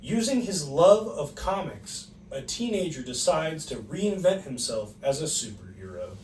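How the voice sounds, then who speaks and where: A young man co-hosting a casual podcast, reading quiz questions in a teasing, animated way and laughing often. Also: on the high side, a little slow. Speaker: podcast co-host, quiz reader. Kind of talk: casual chat. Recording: echoey room, distant mic, faint noise.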